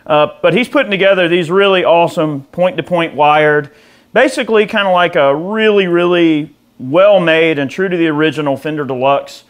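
A man with a slightly raised voice walks through a piece of gear in a relaxed, off-the-cuff demo. His talk is loose and rambling, with frequent fillers and restarts. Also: on the high side, clean tone. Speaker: host of a guitar gear channel.

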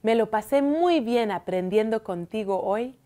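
A woman hosting a bilingual children's lesson, speaking in an encouraging sing-song way. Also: a little high. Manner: slow, lively, encouraging sing-song delivery. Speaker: children's teacher host.

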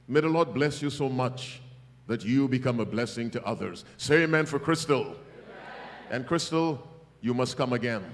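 A man's voice: mid-range voice, in a large hall. A man preaching a revival sermon to a congregation, emphatic and calling for their responses. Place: church hall.

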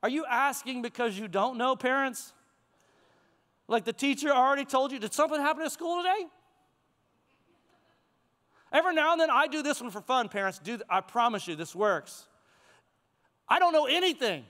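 A middle-aged male pastor preaching a sermon to his congregation in a church sanctuary, in a conversational, animated way with chuckles. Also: extremely high pitch, a little fast. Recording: long hall reverb.

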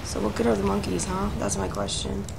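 A woman hosting a gaming channel, chatting to her game animals during solo gameplay and flaring into loud anger. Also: medium pitch, level tone, brisk, creaky, background noise.

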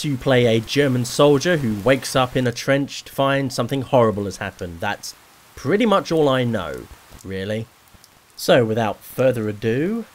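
A man giving chatty, rambling, self-deprecating commentary while playing a video game. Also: mid-range voice. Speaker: let's play host. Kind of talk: casual gameplay commentary.

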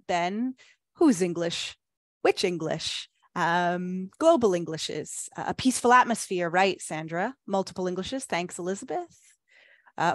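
A woman's voice: medium pitch, no echo, clean studio sound. Upbeat woman hosting an online webinar. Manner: upbeat, encouraging, reads chat aloud with quick praise. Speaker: webinar presenter. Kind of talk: online teacher-training webinar.

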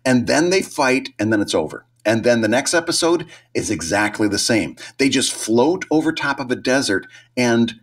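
A man's voice: mid-range voice, moderate pace, hardly any pauses. A middle-aged man co-hosting a podcast in casual chat, telling stories and acting out quotes. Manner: chatty, animated, acts out quotes. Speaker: podcast co-host.

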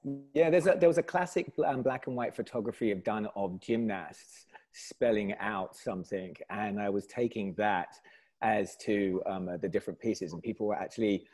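A man with a southern English accent, a company founder chatting as a guest in an interview over a video call, talkative and quick to laugh. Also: lowish voice, a little mellow, husky. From south of England. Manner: chatty, laughs easily, frequent restarts. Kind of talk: casual interview chat.

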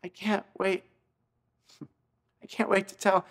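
A man's voice: high-pitched, flat delivery, voice pushed up, exaggerated voice. A man voicing a tearful garbage collector. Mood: moved. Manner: choked up, halting. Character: grateful middle-aged male garbage collector, tearful.

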